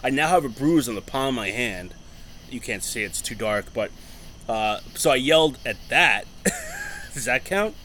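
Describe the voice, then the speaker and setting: A man's voice: mid-range voice, huge pitch swings, normal speed, pushed and bright, slight background noise. A man chatting casually on a podcast, blunt and joking, with plenty of swearing. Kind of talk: casual chat.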